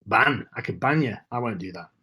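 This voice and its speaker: A man's voice: medium pitch, animated, brisk, bright, forceful tone, breathy edge. A man hosting a live webinar, chatting casually and greeting viewers by name, a bit nervous. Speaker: webinar host.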